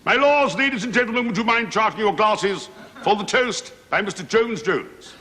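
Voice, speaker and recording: A man putting on a pompous high-voiced toastmaster. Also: lively intonation, normal speed, sharp tone. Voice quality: high, ringing announcer tone. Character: pompous male toastmaster at a formal dinner. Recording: roomy studio with long reverb.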